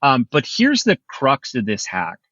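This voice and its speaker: A man's voice: medium pitch, huge pitch swings, measured pace, sharp tone, dry recording, muffled recording. A man, explaining security topics in a casual panel chat and laughing often. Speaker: security expert.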